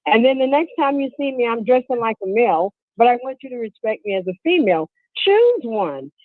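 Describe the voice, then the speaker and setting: Caller: a woman with a high, swooping voice, earnest and opinionated, on a dry phone line. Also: very animated, a little fast, no room sound. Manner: earnest, opinionated, asks the host directly. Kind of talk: call-in opinion.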